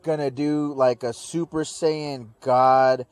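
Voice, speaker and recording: A man's voice: mid-range voice, steady tone, slow pace, darkish tone, clear, resonant tone, no echo, faint music behind. Brief: laid-back guy reviewing an episode, slangy and rambling, dry close-miked sound. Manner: slangy, rambling, lots of dude and man. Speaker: anime reviewer.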